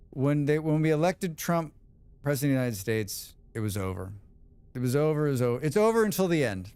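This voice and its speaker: A man with a mid-range, slightly mellow, smooth voice streams a game in a dry recording. He chats casually, reading chat aloud and answering with rambling, opinionated remarks.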